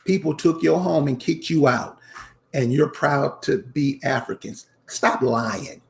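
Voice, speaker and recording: Slow, gravelly man ranting to viewers. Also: fairly high pitch. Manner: emphatic, repeats lines, addresses viewers as y'all. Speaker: channel host. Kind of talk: casual commentary rant.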